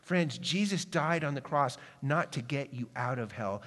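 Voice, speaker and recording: A man preaching a sermon, moving from quick, urgent passages to slow, hushed ones. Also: medium pitch, lively intonation. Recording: long hall reverb.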